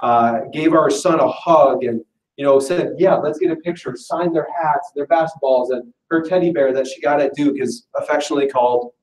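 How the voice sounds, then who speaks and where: A man giving a chatty, self-deprecating business pitch to a live audience in a meeting room, often breaking into laughs. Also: moderate pace. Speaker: business presenter at an info session. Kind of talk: casual, joking sales pitch to a live audience. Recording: roomy echo, voice far from the mic.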